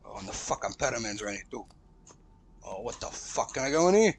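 A man hosting a let's play, reacting loudly and profanely, yelling at the game as he plays. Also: lowish voice, fairly quick, vocal fry, a little hiss or hum. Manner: excitable, profane, shouts at the game. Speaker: gaming channel host.

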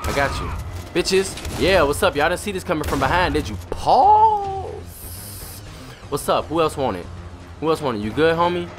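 A young man doing profane, excitable let's-play commentary. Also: on the high side, quick pace, soft background music. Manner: profane, excitable trash talk. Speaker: gamer commentator.

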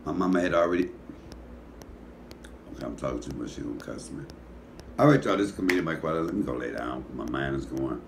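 Man, Detroit accent, middle-aged, sleepy, cussing comic rambling, very low voice, faint background noise. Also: animated, quick pace, pauses often. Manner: profane, rambling comic storytelling. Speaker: comedian and cooking show host. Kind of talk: casual talk to camera.

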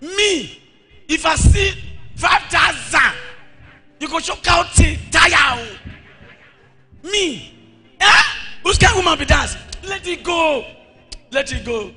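A man's voice: very high voice, animated, takes it slowly, long pauses, pushed and bright, raised voice, big-room sound, faint music behind, pitched above the performer's own voice, exaggerated voice. A man putting on a brash Nigerian woman. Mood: brash teasing. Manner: mocking, exclamatory. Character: brash flirty woman teasing a married man.

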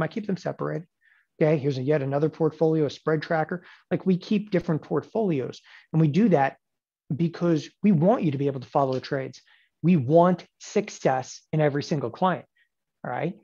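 A man in his forties teaching options trading in a lecture, emphatic and sarcastic, with animated bursts. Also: on the high side, dull audio. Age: 40s.

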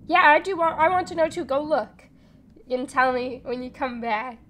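A young woman streaming a horror game live, chatty and excitable, reading the game text aloud and jumping to loud yelps. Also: sits high, normal speed, slight background noise.

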